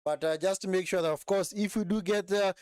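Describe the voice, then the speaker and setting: A man hosts a live football watch-along, talking over the match in a fairly high, smooth voice. He repeats his phrases and keeps tagging them with "man". The sound is dry and close, with little room echo. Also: a little fast. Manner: animated, repeats phrases, says "man" often. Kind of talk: live match reaction commentary.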